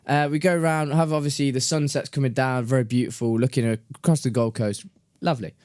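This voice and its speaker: A man's voice: medium pitch, fairly even intonation, quick pace, a little mellow, no room sound, studio quality. A young man, co-hosting a casual podcast and telling rambling stories with frequent laughs. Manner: chatty, laughs often, rambling. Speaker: podcast co-host. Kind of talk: casual chat, storytelling.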